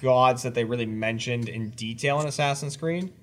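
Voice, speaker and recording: A man's voice: medium pitch, moderate pace. Rambling man in casual chat. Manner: rambling, searches for words with many fillers. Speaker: podcast co-host.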